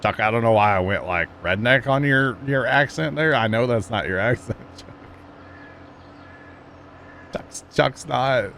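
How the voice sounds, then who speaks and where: A man rambles to his livestream chat while he plays a farming game, chuckling often between thoughts. His voice sits at an ordinary middle pitch, and a faint noise hums behind him. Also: animated, brisk, hardly any pauses, sharp tone. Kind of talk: casual chat while playing.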